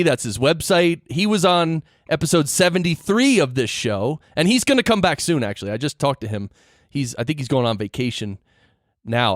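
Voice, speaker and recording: A man's voice: on the high side, no echo. Upbeat, dry-voiced male podcast host. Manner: easygoing, laughs often, loose with fillers. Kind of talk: casual chat.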